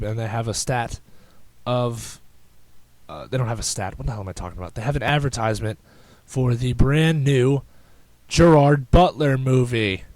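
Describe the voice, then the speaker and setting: A young man talks through a casual solo podcast, rambling from one thought to the next with sarcastic asides and frequent stops and restarts. His voice sits at an ordinary middle pitch. The recording is dry and close, with no room sound. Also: a little mellow, no room sound. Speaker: podcast host.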